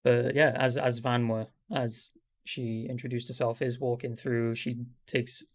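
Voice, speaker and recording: Relaxed man narrating as game master. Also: medium pitch, unhurried. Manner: relaxed, descriptive, many fillers.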